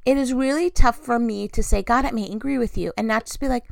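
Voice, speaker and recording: A young woman speaks openly about her faith, confessional and unguarded. Her voice sits a little high with a gravelly edge. The sound is dry and close, with no room around it. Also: brisk, no echo. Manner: candid, confessional, warm storytelling with laughs. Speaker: christian vlogger. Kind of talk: personal devotional talk.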